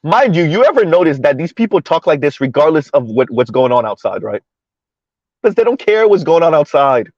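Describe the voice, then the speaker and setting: A man's voice: fairly high pitch, very animated, brisk, darkish tone, dry recording, lo-fi sound. A man giving casual commentary to his viewers while driving through floodwater, chatty, repeating himself and laughing often. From South Florida. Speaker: commentary vlogger.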